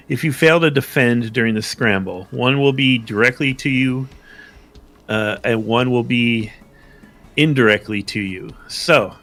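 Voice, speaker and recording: A man acts as game master, laying out rules at a slow, deliberate pace with frequent pauses and fillers. His pitch sits in an ordinary middle range. Soft music plays faintly underneath. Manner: unhurried explanations with fillers and restarts. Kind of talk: narrating a tabletop game.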